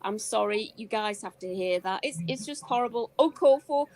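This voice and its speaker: A woman's voice: on the high side, a little fast, darkish tone. A woman on a chat show, chiming in bluntly and agreeing with the others. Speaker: guest. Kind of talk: casual chat.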